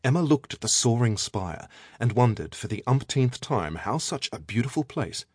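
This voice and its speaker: A man narrating an audiobook in a measured, even storytelling manner. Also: mid-range voice, no echo, clean studio sound.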